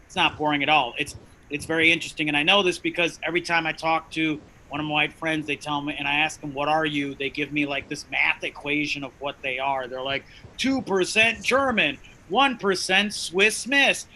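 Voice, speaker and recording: A male comedian riffs through a self-mocking stand-up bit, his voice shrill and nasal with a bright, cutting edge. He sits a little higher than most men. The talk keeps circling back to the crowd as "you guys.". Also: little pitch movement, quick pace, slight background noise, poor audio. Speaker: comedy co-host.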